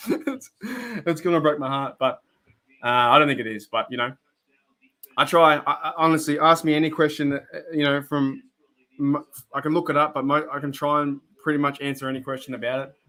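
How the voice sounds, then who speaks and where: A man's voice: fairly high pitch, little pitch movement, fairly quick, pushed and bright. Rambling Australian guy on a live stream. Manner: rambling, chatty, many restarts and fillers. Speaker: live stream host reacting to football. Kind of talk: casual live stream chat.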